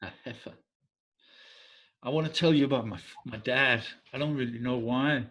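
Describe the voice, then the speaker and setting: A man's voice: medium pitch, normal speed, rough recording. Man telling a folk tale casually. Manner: relaxed, searching for words, drifting into quiet asides. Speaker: storyteller. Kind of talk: casual oral storytelling.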